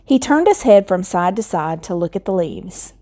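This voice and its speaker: Lady reading a kids storybook, soft mellow tone, gentle and even. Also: on the low side, moderate pace. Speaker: storybook reader. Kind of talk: reading a children's picture book aloud.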